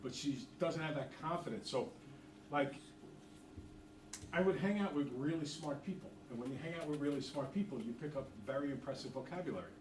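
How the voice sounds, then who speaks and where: Animated male teacher in an echoey classroom. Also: fairly high pitch, fairly quick, recorded from a distance, background noise. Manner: chatty, animated storyteller, jokes with students. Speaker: math teacher. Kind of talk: classroom lecture with stories.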